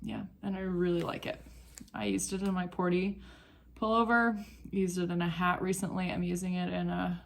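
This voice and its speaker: A woman's voice: lowish voice, little pitch movement, normal speed, creaky, few pauses. A young woman vlogging about knitting at home in a chatty, rambling way that wanders off topic. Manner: chatty, rambling, easily sidetracked. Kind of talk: casual chat.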